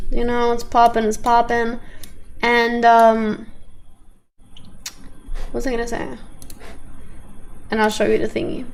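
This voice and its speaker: A young woman streams a park-building game with a slightly high voice that carries a gravelly rasp. She talks to her viewers in a chatty, exasperated way, and faint noise sits under the recording. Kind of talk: casual gameplay commentary.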